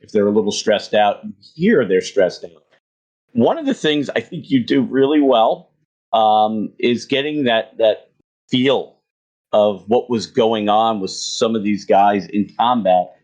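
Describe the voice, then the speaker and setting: A man's voice: lowish voice, expressive, measured pace, darkish tone, low-quality recording. A man hosting a casual gaming podcast interview, conversational and enthusiastic. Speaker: podcast host.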